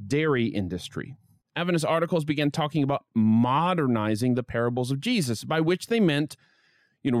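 A man's voice: medium pitch, no room sound, studio quality. A man hosting a history podcast, reading a scripted narration with wry asides. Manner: lively storytelling with wry asides. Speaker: podcast host.

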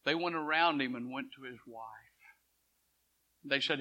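A man preaching a sermon. He tells a story and swings from hushed quotes to loud swells. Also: mid-range voice, moderate pace. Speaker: pastor. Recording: dull lo-fi church recording.

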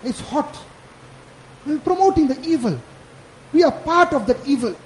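A man's voice: extremely high pitch, animated, moderate pace. A man preaching a Friday sermon, casual in tone and repeating his points with emphasis. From South Africa. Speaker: maulana giving a Friday lecture. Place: mosque. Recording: echoey mosque hall.

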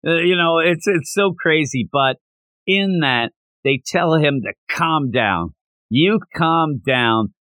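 Male podcast host, slightly high voice, expressive storyteller, casual manga chat. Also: measured pace, no echo. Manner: animated, acts out characters while retelling.

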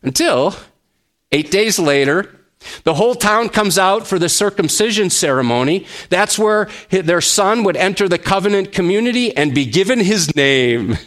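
High-voiced man preaching a sermon. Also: expressive. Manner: slow, emphatic preaching with gentle humor. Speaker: pastor.

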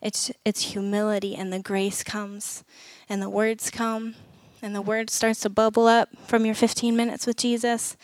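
A woman's voice: mid-range voice, little pitch movement, moderate pace, hardly any pauses, no room sound. A woman speaking earnestly to parents at a church gathering, conversational, acting out short prayers as she goes. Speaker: women's ministry speaker. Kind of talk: sermon talk to parents.

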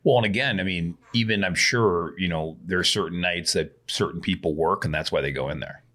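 A man's voice: low-pitched, brisk, bright, forceful tone. A man who is a guest on a podcast, chatting casually and agreeably. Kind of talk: casual chat.

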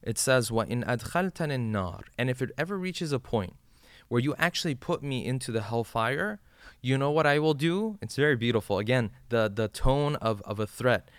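An animated religious teacher with a clear, resonant, mid-range voice speaks at a normal speed. He explains a supplication one line at a time in plain terms, often adding "right?" to check in. The recording is dry, clean studio sound.

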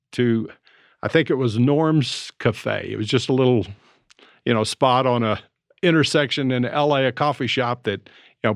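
A man's voice: mid-range voice, dry recording, studio quality. Reflective man in his seventies. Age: 70s. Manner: storytelling, reflective. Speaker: podcast co-host. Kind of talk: casual conversation. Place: Colorado.

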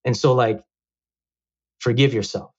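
A man's voice: medium pitch, fairly even intonation, unhurried, darkish tone, husky, muffled recording. A man in his thirties, a guest speaking in an earnest, reflective way with many fillers in casual interview talk.

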